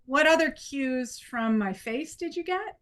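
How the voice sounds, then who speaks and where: High-voiced woman leading a workshop. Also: lively intonation, a little slow, a bit bright. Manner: encouraging, conversational, with playful demonstrations. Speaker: workshop instructor. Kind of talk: leading an improv exercise in a training workshop.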